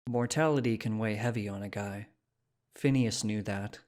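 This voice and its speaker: A man reading short stories aloud as narrator, in a steady storytelling manner. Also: fairly low pitch, normal speed. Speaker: story reader. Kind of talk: scripted narration.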